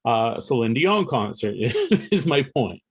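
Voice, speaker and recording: A man's voice: mid-range voice, very animated, slow pace, husky. Rambling male podcast co-host. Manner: rambling, restarts often, laughs between points. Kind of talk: casual chat.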